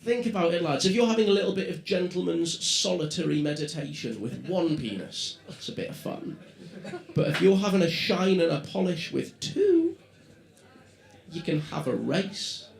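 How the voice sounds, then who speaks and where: A man performing a stand-up comedy set before a live audience, with animated asides to the crowd. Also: fairly high pitch, moderate pace, vocal fry, a little hiss or hum. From Britain. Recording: roomy live venue with crowd laughter.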